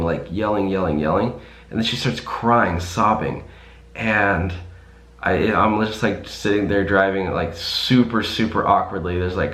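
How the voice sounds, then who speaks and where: A man's voice: low voice, fairly bright tone, roomy sound. A man, a rideshare driver, casually telling a rambling story to camera with many fillers and restarts.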